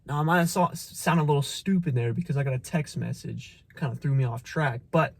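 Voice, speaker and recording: This motivational vlogger has a medium-pitched voice with vocal fry, moving a little fast with no echo. His casual talk is blunt and profane, preaching at the listener, full of repeated phrases and stumbling restarts.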